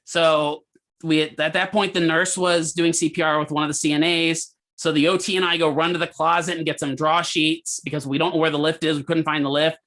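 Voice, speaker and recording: A man lecturing a physical therapy class, with a bright, forceful voice sitting a little high. He tells a clinical case like a story and stops to quiz his students. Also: fairly quick. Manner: animated storyteller, asks the class questions.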